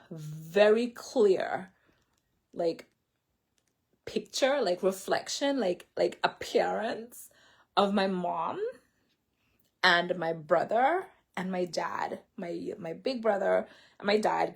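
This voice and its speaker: Seated indoors, this woman rambles casually to a camera while sharing her faith and healing story, full of filler words and self-corrections. Her fairly low voice is slow, creaky, and slightly rough.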